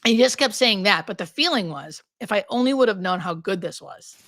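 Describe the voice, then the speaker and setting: A woman in her thirties recounts a personal story as an interview guest. She talks in a heartfelt, meandering way, full of "like" fillers, and drops to a hushed whisper now and then. Her voice sits at an ordinary middle pitch. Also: expressive, fairly quick, no room sound, poor audio. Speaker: guest, hospice nurse. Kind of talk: emotional storytelling.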